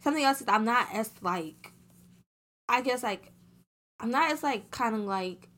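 A teenage girl chatting on a podcast with a bright, forceful voice sitting a little high. She talks in loose, slangy bursts and acts out what people said. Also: normal speed. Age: late teens. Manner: animated, slangy storytelling. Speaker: podcast co-host. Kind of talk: casual chat.

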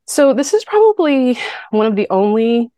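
A woman's voice: on the high side, very animated, moderate pace, warm tone, dry recording. A woman co-hosting a poetry podcast, chatting casually and thinking aloud with many fillers. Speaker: podcast co-host. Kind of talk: casual chat about poetry.

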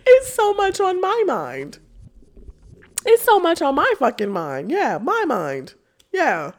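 A woman's voice: high-pitched, wildly swooping pitch, takes it slowly. Laughing, cursing young woman podcaster. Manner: profane, laughing, mocking. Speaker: podcast host. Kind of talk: casual podcast rant.

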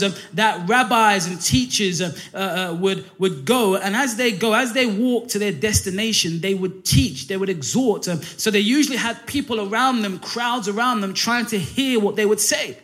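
A man preaching a sermon, animated, often saying "listen" and "um" between phrases. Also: sits high.

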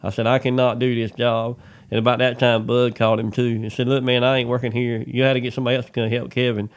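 A man, telling a rambling work story in casual chat, animated and swearing freely. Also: mid-range voice, fast talker. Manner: animated, swears freely, says "dude" a lot.

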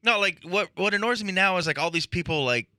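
A man's voice: high voice, fast talker, bright, forceful tone, dry recording, studio quality. A man co-hosting a podcast in casual banter, blunt and profane, laughing often. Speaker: podcast co-host.

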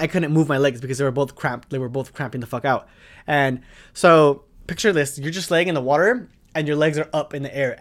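A young man with a fairly high voice tells a wild story from his own life, cursing freely and rambling through the details. He talks casually, like he's on a solo podcast, and builds up the drama as he goes. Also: fairly bright tone. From Arizona. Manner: profane, rambling, dramatic retelling. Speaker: podcast host.

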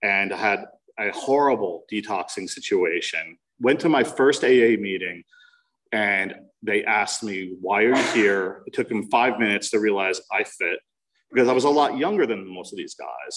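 A man's voice: fairly low pitch, lively intonation, moderate pace, a bit bright, far from the mic, low-quality recording. A man in his forties from New Jersey shares his recovery story at a meeting. He speaks candidly and mocks himself with wry humor. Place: meeting room.

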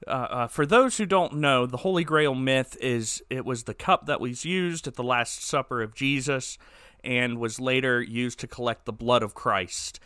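Bright-voiced man telling a jokey recap. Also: medium pitch, no echo. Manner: jokey, animated storytelling, puts on silly voices for characters. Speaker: podcast co-host recapping a movie. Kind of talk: casual comedic podcast chat.

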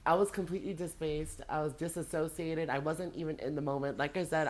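Sassy low-voiced woman telling stories. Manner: animated, dramatic storytelling with sassy asides. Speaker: guest storyteller. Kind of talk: casual chat.

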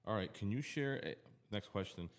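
A man's voice: on the low side, animated, moderate pace. A man hosting a podcast interview, easygoing, asking questions and chiming in with short agreements. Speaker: podcast host.

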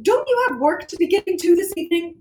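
A woman's voice: very high-pitched, animated, fast talker, mellow, echoey room, pitched above the performer's own voice. Woman playing a prim scolding aunt. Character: stern older aunt, prim and fussy.

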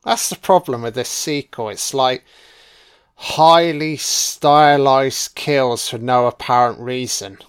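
A man's voice: medium pitch, slow pace, smooth. A man giving a profane, sarcastic commentary on a film as it plays.

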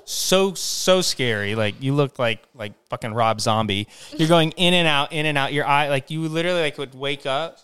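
A young man co-hosting a podcast, telling a story in a casual, animated way and swearing freely. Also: fairly high pitch, normal speed, clean tone. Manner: animated, acts out voices when excited, swears freely. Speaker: podcast co-host.

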